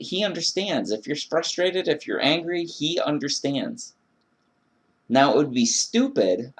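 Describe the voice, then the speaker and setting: A man delivering an earnest, emphatic monologue about faith and frustration, acting out his own prayers. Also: mid-range voice. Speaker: video blogger. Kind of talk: religious rant monologue.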